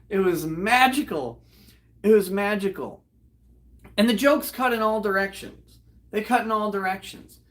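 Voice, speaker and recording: A man, host of a live online show, retelling a comedy act in a loud, profane, animated way and breaking into laughter. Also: sits high, slow pace, long pauses. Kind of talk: casual storytelling on a livestream.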